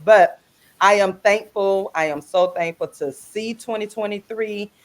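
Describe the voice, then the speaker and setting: A woman hosting a casual radio talk show, lively and chatty, greeting listeners by name. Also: mid-range voice, measured pace. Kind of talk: casual group chat on radio. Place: radio studio.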